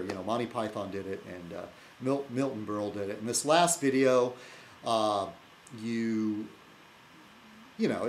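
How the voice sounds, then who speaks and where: The recording is low quality with slight background noise as a man with a lowish voice chats to camera. His vlog talk is rambling and teasing, broken by fillers, restarts and his own chuckles.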